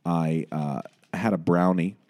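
Deep-voiced man rambling in casual chat. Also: steady tone, darkish tone. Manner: rambling, self-deprecating, halting. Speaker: podcast co-host.

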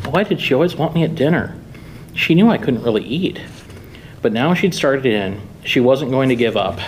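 A man reading his own short story aloud at a live reading, with wry, deadpan humor. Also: medium pitch, normal speed, slight background noise, rough recording. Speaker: author reading own fiction.

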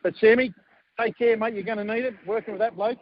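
A man's voice: sits high, steady tone, fast, lo-fi sound, a little hiss or hum. A man, a former team manager, telling jokey stories as a guest on a radio show, acting out quotes. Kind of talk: casual storytelling on a radio show.

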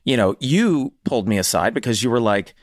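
Man, casual podcast chat, lively pitch swings, swears, rambles, dry sound. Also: fairly quick, dry recording. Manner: animated, swearing, rambling restarts. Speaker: podcast co-host.

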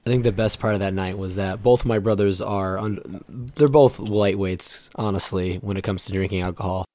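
A man's voice: deep voice, normal speed, warm tone, no room sound. A man on a podcast teasing his brothers in a dry, casual manner. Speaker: podcast co-host. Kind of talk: casual chat.

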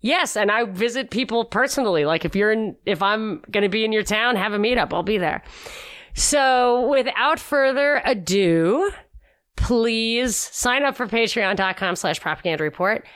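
A woman's voice: mid-range voice, a little fast, hardly any pauses, fairly bright tone, no room sound, clean studio sound. A woman co-hosting a casual podcast, chatty and opinionated, often restarting her sentences. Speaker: podcast co-host.

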